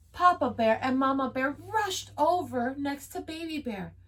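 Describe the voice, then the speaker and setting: A woman teacher reading a storybook aloud to children, expressive, gasping and pausing. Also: high-pitched, a little hiss or hum. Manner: expressive, with gasps and pauses. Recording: voice from a distance.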